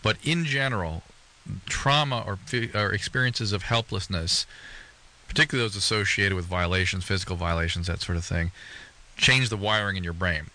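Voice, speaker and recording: Lower-voiced man explaining calmly. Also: moderate pace. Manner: calm, explanatory. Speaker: radio co-host. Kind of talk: casual radio chat.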